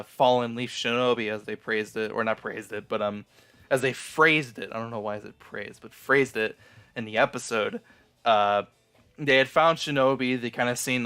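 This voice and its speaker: Smooth-voiced young man recapping an anime. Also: medium pitch, sharp tone. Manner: rambling, frequent fillers and profanity. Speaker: anime reviewer. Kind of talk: casual episode recap.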